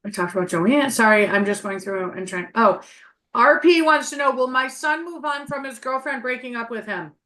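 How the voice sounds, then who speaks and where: A woman hosting a casual live stream as a psychic medium, bubbly and excitable, laughing often. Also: a little high, normal speed.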